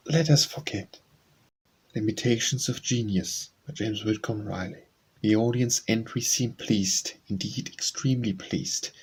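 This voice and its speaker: A man reading poems aloud for an audiobook in a measured, even recitation. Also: on the low side, breathy edge. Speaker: audiobook reader. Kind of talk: poetry reading.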